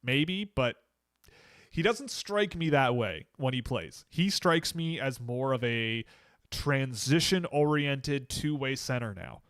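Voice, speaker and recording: A Canadian man at a middle pitch, talking casually on a livestream. He thinks aloud and restarts sentences as he answers chat questions. The sound is dry and close, with no room behind it. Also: expressive, slow, fairly bright tone, no room sound.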